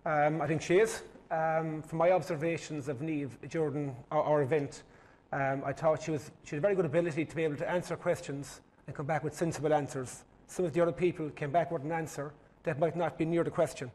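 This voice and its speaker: Irish man on a panel, slightly high voice, measured, lots of ums. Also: fairly even intonation, darkish tone. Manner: measured, hesitant, many ums. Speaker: panel guest.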